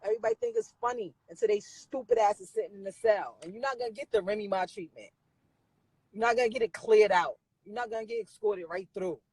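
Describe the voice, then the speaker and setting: A husky woman rants into her phone, blunt and profane. She scolds her viewers in a casual, heated monologue. Her voice sits at a middle pitch. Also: fast talker, darkish tone, no room sound, rough recording. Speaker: rapper on a live stream. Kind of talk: ranting live-stream monologue.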